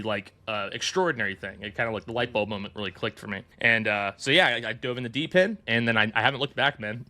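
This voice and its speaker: A man's voice: medium pitch, sharp tone. A man chatting casually as a podcast guest, rambling with lots of fillers and frequent laughs. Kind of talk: casual interview chat.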